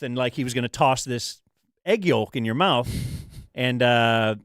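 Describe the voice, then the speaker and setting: A male talk show co-host rambles through a casual story. He trips over restarts and fillers in a smooth, resonant voice. The studio sound is dry and close. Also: mid-range voice, a little slow, a bit bright, dry recording. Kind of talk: casual chat.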